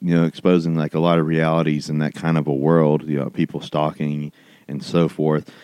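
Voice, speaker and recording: A man's voice: extremely low pitch, little pitch movement, a little fast, warm tone, clear, resonant tone, no room sound. A man co-hosting a podcast in casual chat, rambling with fillers and laughing often. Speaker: podcast co-host.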